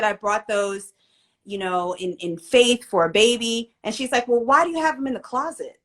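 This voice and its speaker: A woman in her forties hosting a casual livestream chat, animated and chatty, on a video call. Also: mid-range voice. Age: 40s. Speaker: host.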